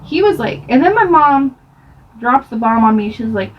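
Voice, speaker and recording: Animated young woman telling a rambling story. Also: sits high, normal speed, breathy edge, highs cut off. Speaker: beauty vlogger. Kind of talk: get-ready-with-me storytime.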